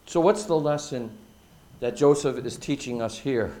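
A man preaching a sermon, using emphatic repetition and dropping from loud, stressed phrases to hushed asides. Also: mid-range voice, unhurried. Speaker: pastor.

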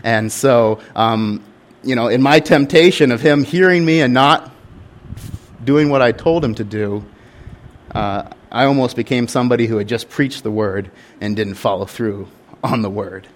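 A man's voice: medium pitch, normal speed, a little hiss or hum. A young man, a pastor, preaching a sermon and telling a candid story in an earnest way.

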